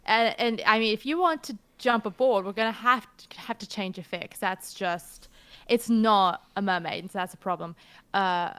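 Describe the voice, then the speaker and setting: A woman's voice: mid-range voice, moderate pace, a bit bright, clean tone, natural voice. A woman voicing a brash, sassy female mermaid islander who curses, brags, and lets her accent wander between British, Australian and American. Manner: brash, cursing, full of herself.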